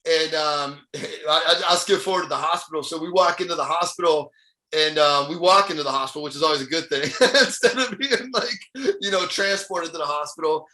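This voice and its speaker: A middle-aged man from Ohio, a motivational speaker guesting on a podcast, telling stories in an animated, casual way with frequent chuckles. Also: fairly high pitch, a little fast. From Ohio, USA. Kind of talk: casual storytelling interview. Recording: echoey room.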